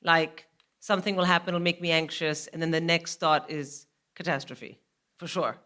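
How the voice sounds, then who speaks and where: Speaking at a normal speed in a deep voice, a woman in her forties performs as a guest comedian on a live stage. She spins an animated story, laughing as she tells it.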